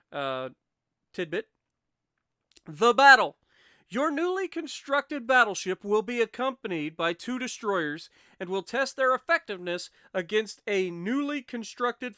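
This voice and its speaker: A man's voice: sits high, sharp tone, clear, resonant tone, no room sound, clean studio sound. A man hosting a gaming channel, reading out challenge rules steadily with wry asides and self-corrections into a desk microphone.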